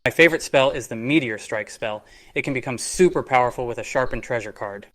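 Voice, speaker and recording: A man's voice: medium pitch, brisk, fairly bright tone. A man reading a short scripted promotional line for a game.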